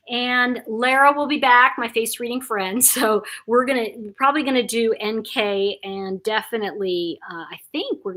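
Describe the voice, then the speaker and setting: Woman, casual live-stream host, effusive, with many restarts, mid-pitched voice. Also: fairly bright tone. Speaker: host of a live chat channel. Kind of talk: casual live-stream chat reading viewer comments.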